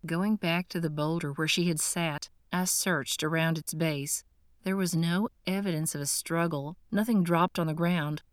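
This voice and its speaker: Low-voiced woman narrating an audiobook. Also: fairly even intonation, normal speed, no echo, clean studio sound. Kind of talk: first-person audiobook narration.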